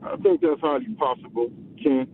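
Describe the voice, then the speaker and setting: A man's voice: wildly swooping pitch, normal speed, creaky. A man from the area calling in to a sports radio show from his vehicle, friendly and a bit rambling. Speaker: caller. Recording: tinny phone line with road rumble.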